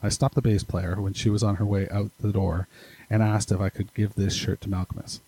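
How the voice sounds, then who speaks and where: A man's voice: lowish voice, flat delivery, brisk, dark tone, slightly rough, low-quality recording. A man hosting a casual podcast, reading listener emails aloud with rambling, self-deprecating asides. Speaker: podcast host.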